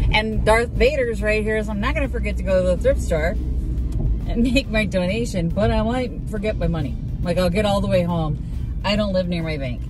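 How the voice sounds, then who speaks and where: A middle-aged woman from Minnesota, chatting in a rambling way on her own vlog and laughing often. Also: fairly low pitch. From Minnesota, USA. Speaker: vlogger. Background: background music.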